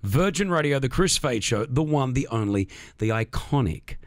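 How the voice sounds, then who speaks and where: A man's voice: mid-range voice, animated, normal speed, background noise. A man with an Australian accent hosting a radio studio interview, introducing his guest with enthusiastic, gushing praise. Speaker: radio host.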